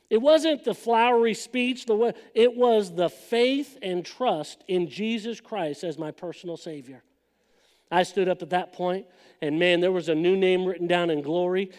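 A middle-aged man from California preaching a sermon testimony, telling his story and building to fervent emphasis. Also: high-pitched. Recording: long hall reverb.

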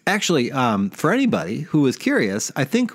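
A man co-hosting a casual podcast, answering trivia with quick-witted banter and salesy real estate asides. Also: medium pitch, wildly swooping pitch. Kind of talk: casual chat.

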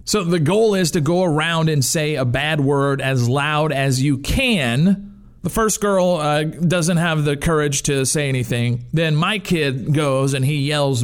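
A man's voice: on the high side, unhurried. A man hosting his own show, delivering a sarcastic, profane comedic rant. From United States. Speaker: podcast host. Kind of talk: ranting comedic monologue.

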